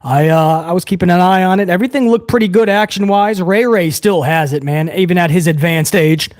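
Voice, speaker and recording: Man, high voice, live watch-along host, heated profane rant. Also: a little fast, a little mellow. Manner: heated, profane ranting to chat. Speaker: host of a wrestling review show.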